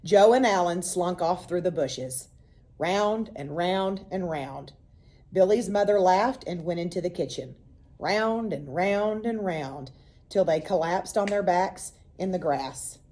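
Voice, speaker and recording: Expressive woman reading a children's book. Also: fairly low pitch, slow pace. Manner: expressive storytelling, voices for the children. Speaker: reader. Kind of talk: reading a children's novel aloud.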